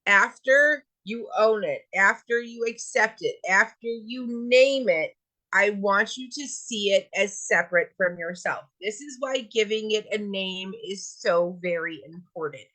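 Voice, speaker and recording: A woman leads a self-help lesson in a bright, clear voice. She coaxes gently and asks question after question. At times she slows down and draws out her words to stress a point. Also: medium pitch, low-quality recording. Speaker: wellness teacher. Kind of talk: guided self-help talk.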